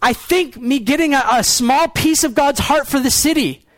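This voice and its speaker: A pastor, a young adult man with a very high voice, preaches with earnest feeling. He drops into quiet, low lines, then fires off quick pointed phrases. The sound is close and dry, with no room around it. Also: no room sound. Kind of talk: sermon.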